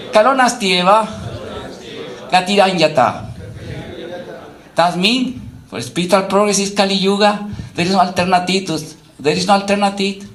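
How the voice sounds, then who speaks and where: High-voiced man giving an emphatic religious lecture. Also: a bit bright. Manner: emphatic, repeats himself, frequent "you know".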